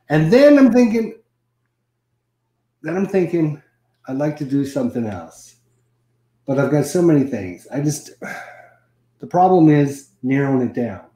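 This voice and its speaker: A man hosting a casual chat, rambling and animated as he tells stories. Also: mid-range voice, echoey room. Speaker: host.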